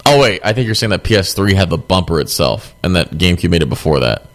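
A young man in casual chat, crude and argumentative, talking fast and cutting in. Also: low voice, big pitch swings.

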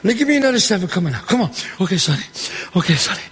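An actor playing a middle-aged gangster boss who runs a dice game. He is loud and bossy, and he swears and throws insults around freely. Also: high voice, very animated, very fast, slightly rough, heavily acted. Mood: boisterous. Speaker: mob boss at a craps game. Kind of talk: film dialogue. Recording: echoey hall sound with faint ambience.

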